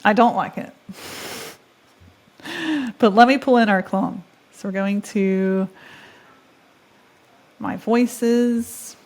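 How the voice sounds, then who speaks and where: A woman in her thirties hosts a casual software tutorial. She sounds chatty and upbeat, thinking aloud while she clicks. Her voice sits in the middle range. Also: mid-range voice, steady tone, slow, long pauses. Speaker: tutorial host. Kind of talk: casual screen-share tutorial.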